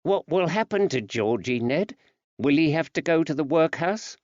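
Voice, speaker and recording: A man voicing a fond, fretful wife in old England who talks in a warm, earnest, chatty way. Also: on the high side, lively intonation, moderate pace, dry recording, pitched above the performer's own voice, lightly acted. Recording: dry, slightly dull recording.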